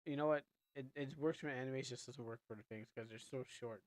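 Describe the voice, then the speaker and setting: A man's voice: medium pitch, fast, hardly any pauses, dry recording, studio quality. A man streaming his own game, chatting casually and thinking aloud as he goes.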